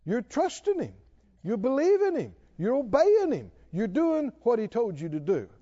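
A man's voice: extremely high pitch, huge pitch swings, moderate pace, dark tone, highs cut off. A middle-aged male pastor preaching a sermon, punctuating his points with emphatic exclamations and quoted scripture.

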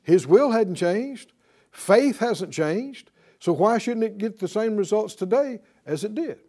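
Male pastor mid-sermon, emphatic and questioning, fairly high voice with a warm, dark tone. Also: expressive, measured pace. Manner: emphatic preaching with rhetorical questions.

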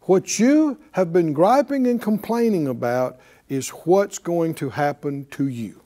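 A man's voice: fairly high pitch, lively intonation, a little slow, dark tone. A man teaching a sermon in a conversational way, asking his listeners questions and chuckling often. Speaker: preacher.

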